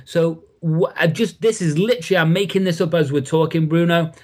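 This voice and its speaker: Enthusiastic English man, higher voice. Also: fairly quick, a little mellow. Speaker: mindset coach, guest. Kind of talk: podcast interview.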